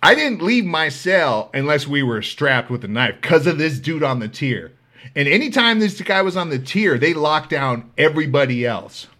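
Animated, bright-voiced man telling stories. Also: on the high side, normal speed. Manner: animated, profane, laughing. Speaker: podcast host. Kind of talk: comedic storytelling.

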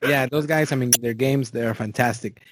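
Male podcast host, quick, friendly, upbeat. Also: medium pitch, a little hiss or hum. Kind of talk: casual chat.

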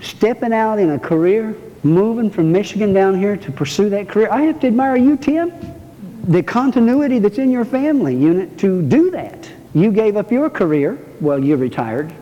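The voice is male, high, and animated, moving at a normal speed. He's a pastor giving a sermon in a church sanctuary, folksy and full of jokes, calling out to his congregation, and the recording sounds muffled and echoey.

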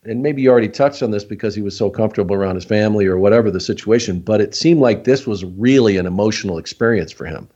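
A man with a low voice hosts a casual podcast interview. He asks long, wandering questions and pauses to find his words. The sound is muffled and lo-fi. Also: warm tone. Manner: long, searching questions with hesitations. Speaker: podcast host.

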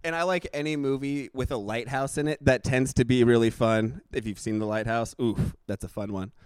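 A man's voice: medium pitch, fairly even intonation, fairly quick, clean tone, dry recording. A young man co-hosting a podcast, chatting casually, laughing, and slipping into silly voices when he tells stories. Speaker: podcast co-host. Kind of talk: casual chat.

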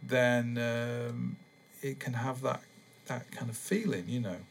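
A man hosting a podcast, rambling in a relaxed, meandering way with many pauses and ums. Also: mid-range voice, vocal fry. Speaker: podcast host. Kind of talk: casual rambling monologue.

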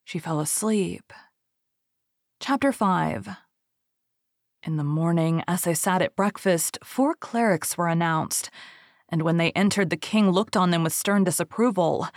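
A woman narrating a storybook in a measured, literary way. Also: fairly low pitch, no echo, studio quality. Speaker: reader.

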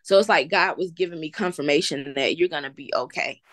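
A woman's voice: low voice, brisk, a bit bright, a little hiss or hum. A woman from the American South, a business founder, telling her story in an earnest, faith-filled, encouraging way during an interview. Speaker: entrepreneur guest. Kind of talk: casual interview chat.

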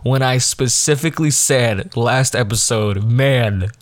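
A man's voice: fairly low pitch, moderate pace, no room sound, studio quality. A teenage boy hosting his own podcast, rambling and self-deprecating, often losing his train of thought. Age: teens. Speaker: podcast host. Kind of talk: casual podcast monologue.

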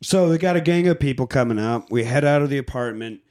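A man's voice: mid-range voice, quick pace, darkish tone. A man co-hosting a podcast, casually recapping a movie with crude jokes and acted-out lines. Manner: crude, jokey, acts out scenes in put-on voices. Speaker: podcast co-host.

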